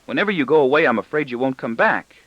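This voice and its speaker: A man's voice: mid-range voice, lively intonation, fast talker, fairly bright tone, dry recording, lo-fi sound, pitched above the performer's own voice. A man reading an audiobook, voicing an anxious, clingy young boy who asks small, pleading questions.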